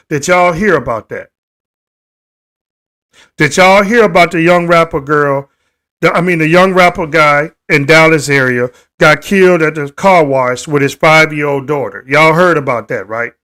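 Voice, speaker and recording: A man's voice: sits high, a bit bright. A man hosting a live stream, talking to viewers in an indignant, repetitive way, asking them questions and breaking into emphatic outbursts. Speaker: livestream host.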